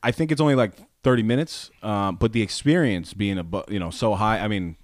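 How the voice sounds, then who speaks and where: A man's voice: lowish voice, a little fast, no room sound. A man co-hosting a podcast, chatting with enthusiasm and reacting eagerly. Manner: enthusiastic, eager listener, laughs along. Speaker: podcast co-host. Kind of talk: casual chat.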